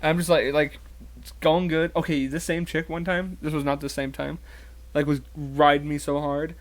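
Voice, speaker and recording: A man's voice: on the high side, little pitch movement, moderate pace. A young man co-hosting a podcast, telling crude stories in casual chat, laughing often and filling his talk with "like". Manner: crude, laughing storyteller, full of "like". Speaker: podcast co-host.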